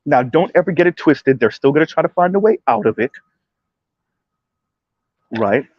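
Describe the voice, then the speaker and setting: A man hosting a commentary stream, animated and sarcastic, often laughing and switching to a soft calm voice to make a point. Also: on the high side, normal speed, no echo, dull audio. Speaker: commentary channel host. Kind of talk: reacting to viewer comments on a live stream.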